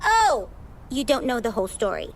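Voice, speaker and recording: A woman playing a breezy, dramatic wife, high-voiced. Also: sing-song, normal speed, a little hiss or hum. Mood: theatrical. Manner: dramatic, breezy, unbothered, with wry asides. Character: dramatic, theatrical woman in a stormy marriage. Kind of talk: theatrical stage acting.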